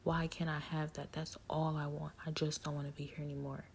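Low, flat-voiced woman, half-whispering. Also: gravelly, slight background noise. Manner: intimate, halting, often drops to a whisper. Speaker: speaker sharing her story. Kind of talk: personal spiritual testimony.

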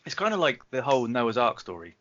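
A man's voice: medium pitch, very animated, quick pace, a bit bright, dull audio. A British man co-hosting a podcast, joking and swearing as he riffs on stories. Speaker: podcast co-host. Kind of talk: casual banter.

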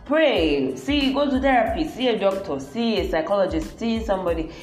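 A woman's voice: medium pitch, expressive, normal speed, a little mellow, roomy sound, faint music behind. A woman with a Nigerian accent giving blunt, emphatic advice as a vlogger, repeating herself as she scolds, speaking in a public place. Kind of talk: personal advice rant to camera. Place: public place with people around.

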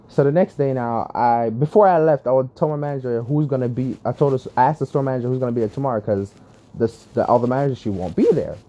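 A young man telling a casual, exasperated story about his week, often laughing, with lively swings in his voice. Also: medium pitch, highs cut off. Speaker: vlogger.

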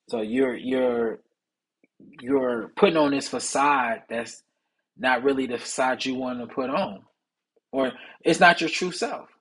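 A young man hosting a solo podcast, talking casually and preachily about men's mental health in streetwise slang, with a husky voice. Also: medium pitch, rough recording. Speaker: podcast host.

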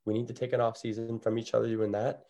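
A man co-hosting a casual sports podcast, joking and rambling, often dropping his voice low. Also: little pitch movement, fast, creaky. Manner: jokey, rambling, drops to a hush. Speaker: podcast co-host.

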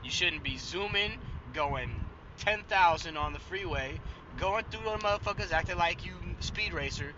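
A man's voice: sits high, normal speed. A young man co-hosting a casual podcast, rambling and cursing and laughing as he talks from inside a car. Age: young adult. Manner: profane, rambling, laughs a lot. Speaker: podcast co-host. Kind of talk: casual chat. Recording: dull lo-fi sound with road noise.

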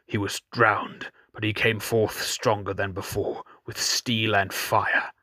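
A man voicing a stern, zealous male priest held captive, speaking fiercely and at times muttering low. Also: little pitch movement, slow pace, pushed and bright, no echo, exaggerated voice. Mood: defiant.

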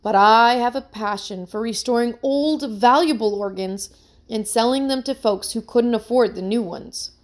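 A woman's voice: a little high, moderate pace, natural voice. Storybook role: woman reads a nervous young musician pleading his innocence, earnest and worried. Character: anxious young man, a struggling musician accused of theft.

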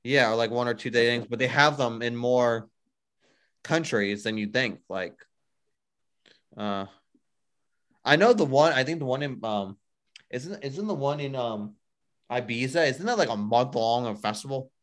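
A man's voice: medium pitch, expressive, unhurried, long pauses, fairly bright tone. A man co-hosting a casual music news chat, rambling and filling with "like" a lot. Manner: rambling, heavy use of "like". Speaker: podcast co-host.

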